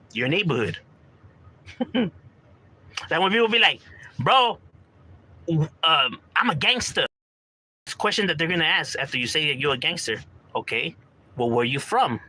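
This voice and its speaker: Man, casual street-slang monologue, very bright tone, pitched a bit high. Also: low-quality recording. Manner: street slang, frequent "bro" and "you know", acts out quoted homies. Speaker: commentator talking about gang culture.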